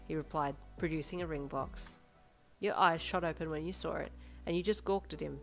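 Woman narrator for a fanfic audio story, low voice, faint background music. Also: normal speed, creaky. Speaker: fan fiction narrator. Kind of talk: scripted second-person narration.

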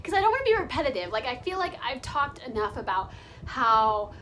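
A woman's voice: sits high, big pitch swings, brisk, a bit bright, slight background noise, low-quality recording. A young woman vlogging at home, chatting casually and confessionally, laughing often and filling her talk with "like". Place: home during quarantine.

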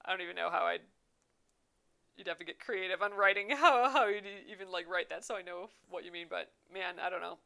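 Young woman on a craft livestream, bright voice, chatty and laughing a lot while she reads comments. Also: fairly low pitch, a little fast, creaky. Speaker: embroidery livestream host. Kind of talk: casual live chat reading comments.

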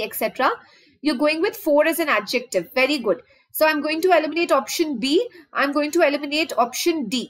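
A woman's voice: sits high, fairly bright tone, rough recording. A woman teacher with an Indian accent running a live online vocabulary lesson, mixing Hindi and English and keeps asking her students for answers. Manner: drawn-out fillers while thinking. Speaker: online exam-prep teacher.

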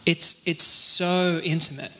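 Man, church teacher, casual and joking, bright forceful tone, slightly higher pitch. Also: slow, in a large hall. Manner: relaxed, joking, reads scripture aloud. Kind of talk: casual Bible teaching discussion.

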